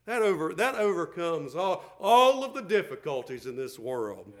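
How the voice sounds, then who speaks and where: A middle-aged man preaching a sermon as pastor, repeating words as he builds a point and swinging from loud calls to soft, tender lines. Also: a little high, sing-song, moderate pace.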